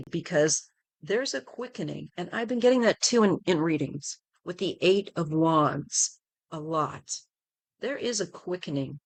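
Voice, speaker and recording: A middle-aged woman hosting a live tarot stream, chatting gently and rambling with many fillers. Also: lowish voice, dry recording. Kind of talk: casual live-stream chat.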